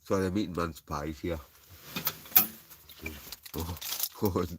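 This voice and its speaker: Low-voiced Scottish man chatting live. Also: steady tone, slow, heavy background noise. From Scotland. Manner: rambling, chatty, laughs often, restarts a lot. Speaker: wild camping livestream host. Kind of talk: casual chat reading live comments. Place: inside a heated tent with a stove.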